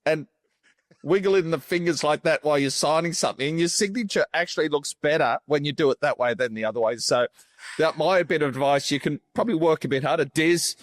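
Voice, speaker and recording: A man's voice: on the high side, fast talker, dry recording, studio quality. A middle-aged Australian man chatting on a cricket podcast, matter-of-fact and teasing his mates. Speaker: podcast co-host, former fast bowler. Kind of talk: casual banter.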